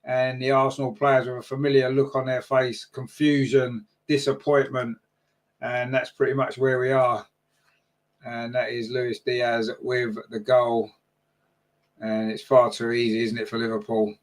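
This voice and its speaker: A man's voice: mid-range voice, little pitch movement, a little slow. Male fan-channel commentator, partisan and conversational, spikes in energy on attacks. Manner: partisan, chatty, rises sharply on chances.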